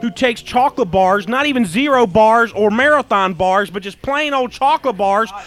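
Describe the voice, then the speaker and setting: A man's voice: sits high, lively intonation, moderate pace, fairly bright tone. Rambling comic radio host man. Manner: rambling, mock-intense ranting. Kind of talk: comic call-in radio banter.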